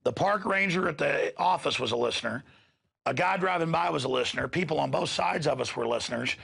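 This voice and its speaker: A man's voice: on the high side, animated, fairly quick, gravelly, a bit bright, slightly rough. A middle-aged man, hosting a show and delivering an impassioned, emphatic rant to his listeners. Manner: ranting, emphatic, repeats words when worked up. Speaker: radio show host.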